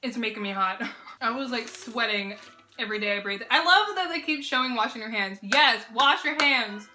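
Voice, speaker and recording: A young woman with a bright, forceful voice and a slightly high pitch, reacting to a show in a casual vlog. She gushes, swears freely and laughs often, her excitement spilling over. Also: brisk, soft background music. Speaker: reaction video host.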